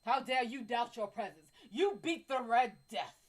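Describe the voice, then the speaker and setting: A woman's voice: a little high, expressive, a little slow. A woman voicing a doting, theatrical partner with a put-on British accent, fawning over and scolding her man.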